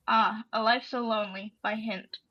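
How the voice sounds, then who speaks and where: Woman podcast co-host, slightly high voice, soft and halting, dry dull mic. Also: no echo. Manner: soft-spoken, halting with fillers. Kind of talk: poetry reading and casual discussion.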